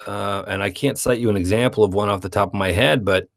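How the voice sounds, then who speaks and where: A man with a somewhat low voice co-hosts a casual film chat. He talks loosely and animatedly, now and then slipping into playful voices to act out lines. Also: fast. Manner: animated, acts out quoted dialogue in playful voices. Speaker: podcast co-host.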